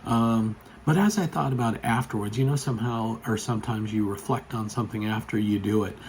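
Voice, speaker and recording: A man's voice: fairly low pitch, a little fast, a little hiss or hum, poor audio. Chatty man telling a story. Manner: chatty, rambling, with frequent fillers; gets loud and excited when telling the story. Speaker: vlogger. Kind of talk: casual storytelling to camera.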